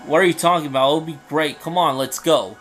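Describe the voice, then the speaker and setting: A man's voice: a little high, fairly quick, faint music behind, natural voice. A man voicing a brash, boastful young male samurai retainer in a fan dub of game dialogue. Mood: encouraging. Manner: loud, boastful, blunt.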